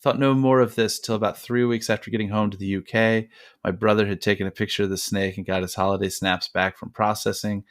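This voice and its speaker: A man with a low voice co-hosts a podcast, reading a listener's letter and breaking off to joke. He rambles and restarts often, and the sound is close and dry with no room around it. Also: little pitch movement, fast talker, no room sound. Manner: rambling, joking, many fillers and restarts. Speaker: podcast co-host. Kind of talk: casual podcast chat, reading listener mail.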